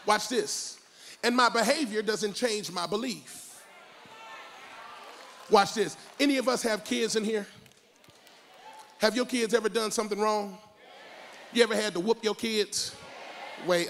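Brief: high-voiced, bright male pastor, animated and funny, shouts his points. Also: moderate pace, pauses often, a little hiss or hum. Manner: animated, comic, often shouting. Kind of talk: sermon. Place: church.

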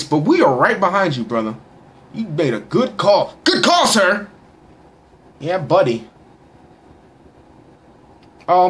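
A young man giving casual, boisterous shout-outs to followers in a profane, slangy way. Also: sits high. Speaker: vlogger reading social media shout-outs. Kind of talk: casual live shout-out chat.

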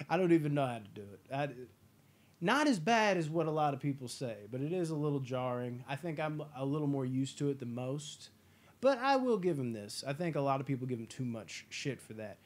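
A man hosting a casual movie review chat, enthusiastic and profane, acting out scenes in quick impressions. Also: mid-range voice, very animated. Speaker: podcast host.

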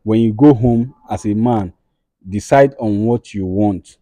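A man's voice: fairly low pitch, measured pace, dry recording, natural voice. A man playing a soothing talk show mediator. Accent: Nigerian. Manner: soothing, repeatedly urging calm, mixes Pidgin. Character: male mediator talk show host, calm, moralizing. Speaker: talk show host in a skit. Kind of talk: comedy skit acting.

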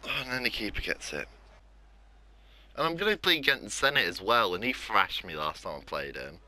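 Bright, animated young Englishman ranting over gameplay. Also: lowish voice, normal speed. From England. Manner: frustrated, self-mocking ranting. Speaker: gaming YouTuber. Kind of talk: live gameplay commentary.

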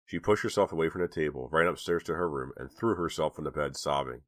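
A man narrating an audiobook in a measured storytelling manner. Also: a bass voice, fairly bright tone. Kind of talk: scripted narration.

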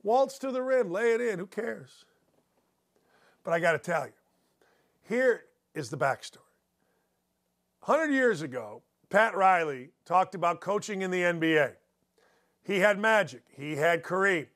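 A man's voice: high-pitched, animated, measured pace, long pauses, fairly bright tone. A middle-aged man hosting a sports talk show, giving a blunt, opinionated commentary monologue and drifting into stories. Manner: blunt, opinionated, rambling storyteller.

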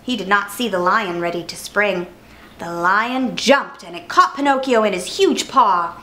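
A woman storyteller reading a children's picture book aloud in an expressive way. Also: mid-range voice, measured pace, slight background noise. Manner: expressive, animated.

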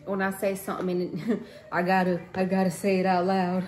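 A woman in her thirties cooks in her home kitchen and chats with viewers straight to camera. Her mid-range voice has a flat delivery and a fairly quick pace, and the kitchen is echoey with faint room noise.

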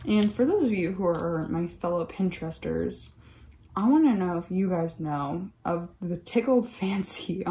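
A young woman talks through a relaxed craft vlog from home, rambling and filling her sentences with "like." Her voice is mellow and warm, and she bounces into the voices of the people in her stories. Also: lowish voice, a little hiss or hum. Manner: rambling, peppered with "like", animated retelling of quotes. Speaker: craft vlogger. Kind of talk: casual chatty storytime while crafting.

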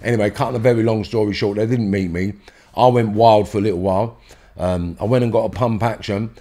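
A man's voice: lowish voice, fairly even intonation, a little fast, mellow. London guy telling a story on a podcast, blunt, swears a lot, acts out the rows. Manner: blunt, swears freely, acts out heated dialogue. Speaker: interview guest.

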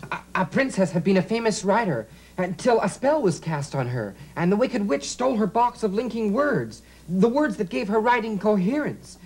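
An actor playing a pompous aristocratic lord and boastful war hero, narrating and declaiming in a 1970s educational TV sketch. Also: male voice, high-pitched, very animated, normal speed, few pauses, a little mellow, slightly rough, exaggerated voice, rough recording.

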